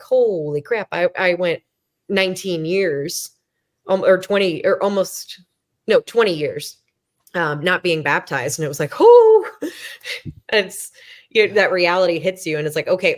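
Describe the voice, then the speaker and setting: A woman in her thirties with a low voice appears as a podcast guest, telling stories conversationally. She's candid and self-mocking, chatty with lots of fillers and restarts, and acts out her own past thoughts in a quoted voice.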